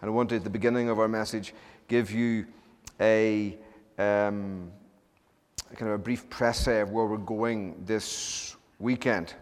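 A man from Ireland with an Irish accent, preaching a sermon as a pastor. He talks quickly and runs on, then slows for solemn prayer. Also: on the low side, steady tone, long reverb tail. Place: church sanctuary.

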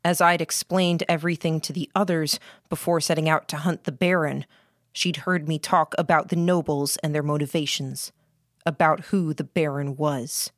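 A woman reading a first-person story aloud in a steady, reflective way. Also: low-pitched, normal speed, dry recording, clean studio sound. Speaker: audiobook narrator. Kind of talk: first-person scripted narration.

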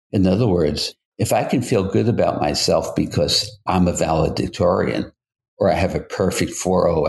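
An older man, a psychotherapist hosting a podcast, talking in an earnest, measured way and putting questions to the listener. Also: low-pitched. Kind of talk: reflective solo podcast talk.

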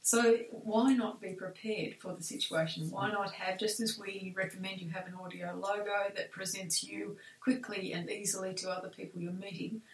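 A woman's voice: mid-range voice, steady tone, moderate pace, few pauses. A woman co-hosting an advice talk, practical and emphatic. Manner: practical, emphatic, acts out sample replies. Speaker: co-host. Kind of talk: advice talk show discussion. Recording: echoey room, voice a bit far from mic.

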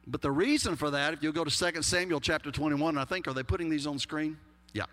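A man's voice: fairly high pitch, fast talker, a bit bright. A man with a Texas accent preaching a sermon as pastor, folksy and emphatic with humorous asides. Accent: Texan. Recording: long hall reverb.

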